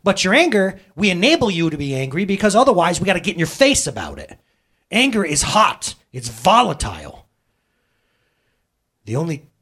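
Husky, animated male pastor preaching. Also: a little high, normal speed. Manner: conversational, emphatic, rhetorical questions to the audience. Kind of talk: sermon.

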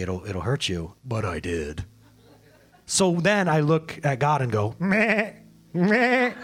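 A man with a slightly husky, fairly high voice preaches a sermon in a loose, joking, conversational way. His pitch swings widely, from bright peaks down to sudden hushed drops. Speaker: pastor.

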